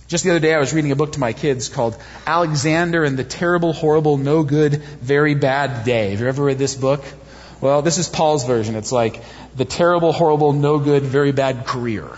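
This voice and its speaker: Male pastor, high voice, husky tone, animated sermon with repeated phrases. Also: fairly quick. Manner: animated, self-deprecating, builds with repetition. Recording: dull, long hall reverb.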